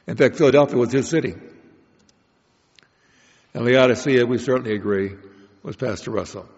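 A man giving a prepared Bible lecture in a measured, explanatory way, with occasional restarts. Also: mid-range voice, a little mellow. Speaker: Bible study speaker. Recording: dull lo-fi recording in a reverberant hall.

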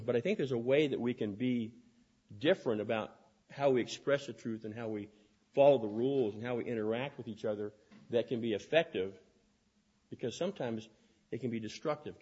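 A man preaching a sermon, talking fast and often restarting his phrases. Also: medium pitch, darkish tone, husky, highs cut off.

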